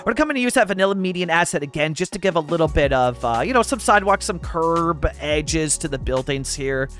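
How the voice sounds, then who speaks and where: A man talks through his city-building gameplay in a loose, rambling way, full of fillers and little chuckles. His voice sits a touch high and swings up and down a lot. Soft music plays quietly behind him. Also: animated, fairly quick. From Canada (Vancouver). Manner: rambling, chuckling, thinking aloud with many fillers. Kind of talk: casual gameplay commentary. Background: faint background music.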